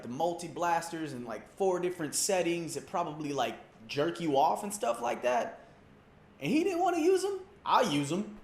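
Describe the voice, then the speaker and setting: A man hosting a comedic sports rant, loose and slangy, mocking and rambling. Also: on the high side. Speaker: comedy sports show host. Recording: roomy echo.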